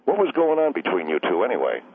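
A man doing a deep-voiced touchy husband on a phone line. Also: wildly swooping pitch, fast, full character voice. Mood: touchy, rambling. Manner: defensive, rambling, mixes up he and she. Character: touchy rambling middle-aged husband caller. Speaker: caller. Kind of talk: comedy radio call-in.

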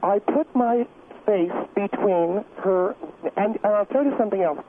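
On a comedic phone-in, a man plays a defensive, middle-aged woman who teaches dance, sounding indignant and full of self-pity. He pitches his voice high, above his natural range, and takes his time. The role-play comes through a tinny, noisy phone line.

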